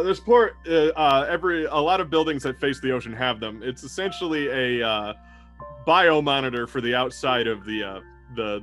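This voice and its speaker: A man running a tabletop game as game master, talking in a loose, rambling way with plenty of fillers, laughs and casual swearing. His voice sits at a mid pitch, with faint music in the background. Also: a bit bright.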